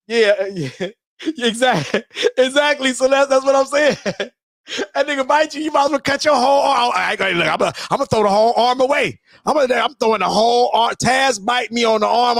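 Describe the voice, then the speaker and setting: A man hosting a live stream, ranting and joking in a loud, profane, laughing way that breaks into shouted bits. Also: sits high, vocal fry, no echo, studio quality. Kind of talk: loud comedic rant.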